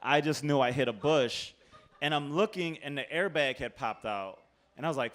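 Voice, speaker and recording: A man telling a comic true story on stage, animated, profane and laughing at himself. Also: on the high side, brisk. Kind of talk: live comedic storytelling.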